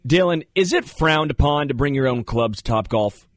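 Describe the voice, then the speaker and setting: A man hosting a talk show, telling rambling, animated stories in casual studio banter. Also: mid-range voice, moderate pace, no echo. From Kansas City area. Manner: rambling, animated storyteller who jumps into funny voices. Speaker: radio show host.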